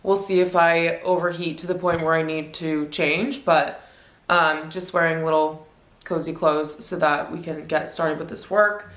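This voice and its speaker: A young lifestyle vlogger chats to the camera from her apartment, rambling casually and leaning heavily on "like." Her voice is deep, a bit bright, and slightly stuffy, with fairly even intonation and a somewhat slow pace. The room she's in is echoey.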